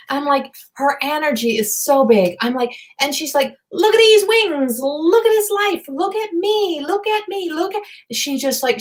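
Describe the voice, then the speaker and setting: A woman giving a live psychic reading, earnest and emotive, rambling and repeating herself. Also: on the high side. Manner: rambling and repetitive, many fillers. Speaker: psychic medium and tarot reader.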